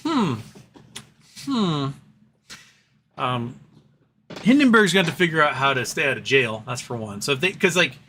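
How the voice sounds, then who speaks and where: Rambling between topics on a casual livestream, this host reads the chat aloud and coos at his cat in baby talk. He has a medium-pitched, sharp-toned voice with big pitch swings, a moderate pace and frequent pauses. Slight background noise is present.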